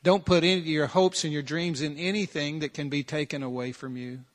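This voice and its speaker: Earnest preacher in a reverberant hall. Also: male voice, a little high, brisk. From United States. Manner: earnest, direct preaching full of repeated challenges and rhetorical questions. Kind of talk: sermon.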